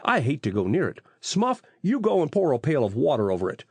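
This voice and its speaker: A man's voice: fairly high pitch, huge pitch swings, a little fast, dry recording, full character voice. A man doing a bossy small-town police chief. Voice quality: gruff and commanding.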